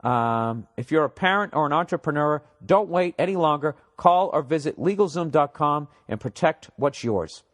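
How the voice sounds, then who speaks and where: A man with a somewhat high, expressive voice hosts a comedy podcast, rambling profanely and sarcastically mocking listener emails he reads aloud. He talks at a moderate pace with few pauses, and his voice cracks a little.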